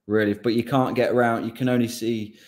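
A relaxed man from Lincolnshire with an English accent, a motorcycle racer chatting casually in an interview. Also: medium pitch, fairly quick. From Lincolnshire, England.

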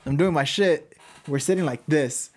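A man's voice: fairly high pitch, normal speed. A man from Southern California telling a school story in casual, swear-heavy chat, laughing as he goes. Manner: animated, laughs through stories, heavy swearing.

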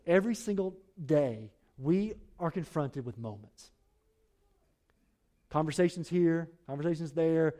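A man's voice: on the high side, warm tone. A male pastor preaching a sermon in a church, speaking urgently and addressing the congregation directly.

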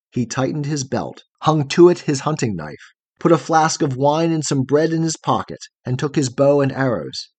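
A man reading a fairy tale aloud in a measured, expressive storytelling manner. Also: medium pitch, no room sound. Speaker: narrator.

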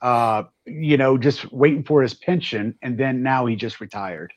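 A man's voice: medium pitch, unhurried, muffled recording. A man, a retired Air Force NCO, joking crudely with old friends in a group chat.

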